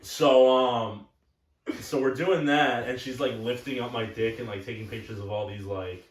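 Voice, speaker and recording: A man's voice: mid-range voice, fairly even intonation, moderate pace. A young man telling crude stories on a casual podcast, rambling and blunt. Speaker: podcast co-host. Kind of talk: casual chat. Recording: echoey room from far off.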